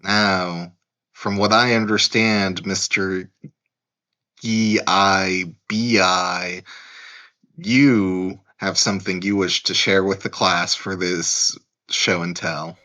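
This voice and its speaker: A man's voice: low-pitched, fairly even intonation, slow, pushed and bright. A man hosting a podcast, playful in his greeting and hesitant in chat. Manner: playful, hesitant, many fillers. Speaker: podcast host. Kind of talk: casual chat.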